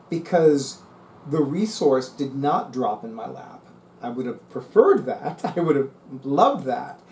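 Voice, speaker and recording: A man's voice: a little high, a little mellow, slight background noise. A middle-aged man reading tarot articles aloud and musing on them in a casual, chatty way. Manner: musing, reads aloud then comments. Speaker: tarot reader.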